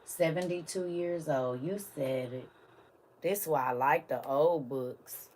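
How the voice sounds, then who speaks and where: A woman's voice: sits low, unhurried, darkish tone. A woman, chatting casually on a live stream and holding back tears, talking straight to her viewers. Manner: emotional, talks straight to viewers. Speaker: live streamer opening gifts.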